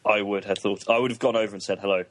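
A man's voice: lowish voice, steady tone, rapid-fire. A young man co-hosting a casual chat, laughing and stumbling over his words. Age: young adult. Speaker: podcast co-host.

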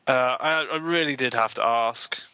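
A man's voice: mid-range voice, moderate pace, sharp tone, clear, resonant tone. A man co-hosting a casual comedy podcast, joking and laughing often. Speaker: podcast co-host.

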